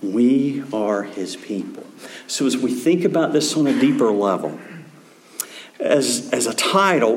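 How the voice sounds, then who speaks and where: A man's voice: medium pitch, a little mellow. A man pastor preaching a sermon in a conversational way, often restarting his sentences as he explains scripture. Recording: roomy echo.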